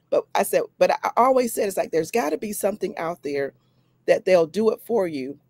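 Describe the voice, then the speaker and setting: A woman's voice: on the low side, darkish tone, no echo. A woman giving a chatty personal testimony on a video call, laughing often and repeating herself. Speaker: guest on a live company update.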